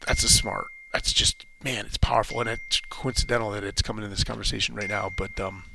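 A man's voice: on the low side, fairly even intonation, a little fast, creaky, noisy background. A man in a casual spoken monologue, thinking aloud and rambling with frequent restarts.

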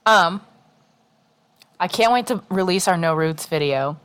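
A woman's voice: lowish voice, expressive, unhurried, a bit bright. A young woman co-hosting a podcast in casual chat, blunt and sweary, laughing often and acting out what others said. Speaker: podcast co-host.

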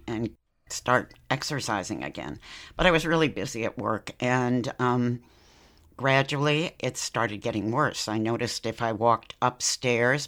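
Bright-voiced older woman telling a story. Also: a bass voice. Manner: lively storyteller, laughs as she tells it. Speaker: podcast guest. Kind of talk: conversational storytelling.

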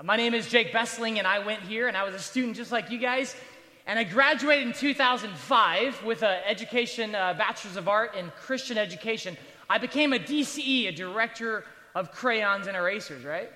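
A man's voice: sits high, brisk, pushed and bright, long reverb tail. A man in his thirties, a pastor giving a chapel sermon to students in a conversational, joking way with rhetorical asides. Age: 30s. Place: large university chapel, standing at the altar.

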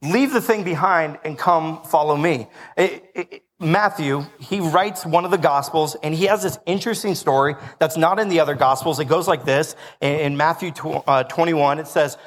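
A man's voice: on the high side, moderate pace, hardly any pauses, big-room sound. A male pastor preaching a conversational sermon, joking and asking the congregation questions.

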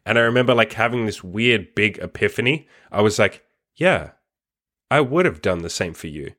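In a lowish, fairly bright voice, this male podcast host speaks at normal speed with animation as he recounts something that happened to him. The monologue is loose and rambling, full of swearing, laughter between lines, and "like" as filler.

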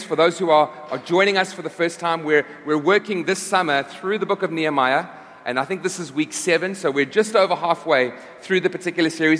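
A man's voice: high voice, fairly bright tone. A man preaching a sermon to his congregation in a conversational way, often restarting and repeating his phrases. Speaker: pastor. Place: church service. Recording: long reverb of a large hall.

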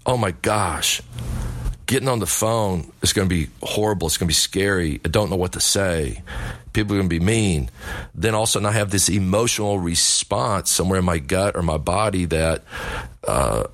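A middle-aged man giving an energetic motivational talk as a sales coach, telling stories with acted-out dialogue. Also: low voice, no room sound.

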